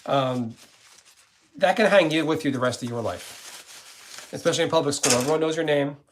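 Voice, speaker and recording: A man hosts a casual live stream and talks straight to his viewers. His voice sits a little on the high side. He rambles, speaks bluntly and swears without holding back. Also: moderate pace, background noise. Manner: rambling and blunt, with frequent cursing. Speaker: gaming streamer.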